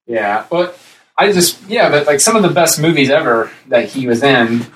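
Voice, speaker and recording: A man co-hosting a casual podcast chat, rambling and animated, breaking into high-pitched impressions. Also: normal speed, echoey room, distant mic, poor audio. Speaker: podcast co-host.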